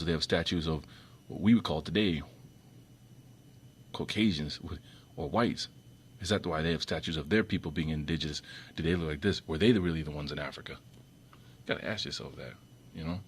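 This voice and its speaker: A man with a very low, deep speaking voice talks through an off-the-cuff commentary. He rambles, restarts and repeats words, and his voice often leaps up high and loud when he gets irritated. A faint hiss sits under the recording. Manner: irritated, sharp jumps up in pitch and loudness. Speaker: video commentator.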